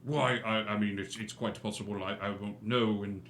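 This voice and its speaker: A man's voice: on the low side, fairly even intonation, normal speed, fairly bright tone, roomy sound, a little hiss or hum, close to an everyday voice. A man voicing an eager, stammering theatre manager.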